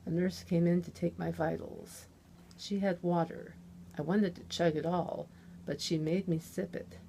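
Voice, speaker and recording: A woman author reading a chapter of her own novel aloud in the first person, in a measured, plain storytelling manner. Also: fairly low pitch, steady tone, mellow, a little hiss or hum. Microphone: omnidirectional studio mic.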